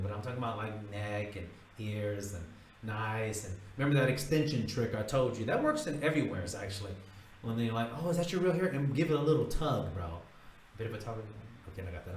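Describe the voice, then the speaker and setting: A man's voice: medium pitch, reverberant, far from the mic, a little hiss or hum, rough recording. A man giving blunt, emphatic, profane dating advice in a casual monologue, repeating his points. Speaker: dating-tips vlogger.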